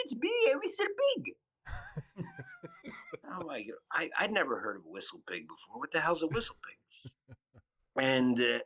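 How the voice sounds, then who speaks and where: A man's voice: mid-range voice, pushed and bright, low-quality recording. A man in his fifties, a podcast guest and spirits entrepreneur, telling rambling stories with lots of fillers and restarts. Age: 50s. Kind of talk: casual podcast storytelling.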